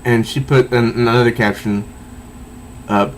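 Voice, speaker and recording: A man's voice: medium pitch, a little hiss or hum, low-quality recording. A man casually reviewing a comic book, reading panel dialogue aloud with frequent restarts and little chuckles. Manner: halting, restarts, reads dialogue in a flat voice, chuckles at jokes.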